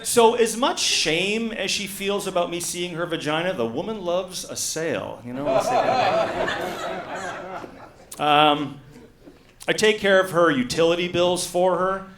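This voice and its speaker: Guy doing stand-up on a gala stage, deadpan, lots of uhs, kinda echoey hall. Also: sits high, unhurried, noisy background. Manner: deadpan storytelling with frequent uh fillers. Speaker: stand-up comedy student. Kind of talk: stand-up comedy set. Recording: echoey room.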